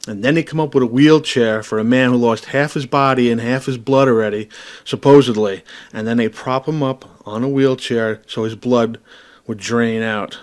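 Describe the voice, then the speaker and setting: A man's voice: medium pitch, fairly even intonation, moderate pace. Agitated man ranting to camera. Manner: agitated, insistent, profane; talks straight to the viewer with constant tag questions. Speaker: video commentator. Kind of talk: ranting video commentary.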